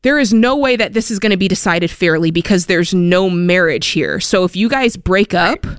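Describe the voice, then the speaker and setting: A woman's voice: lowish voice, moderate pace, clear, resonant tone, no echo, studio quality. A woman hosting a call-in advice show, direct and practical, laughing while staying serious.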